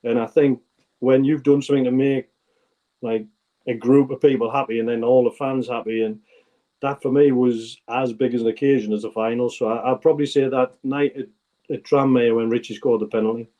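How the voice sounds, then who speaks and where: A man's voice: medium pitch, fairly even intonation, a little fast, warm tone, highs cut off. A man in his forties with a North East English accent, a former footballer telling rambling stories as an interview guest. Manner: rambling anecdotal storyteller, many restarts. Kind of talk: casual interview chat.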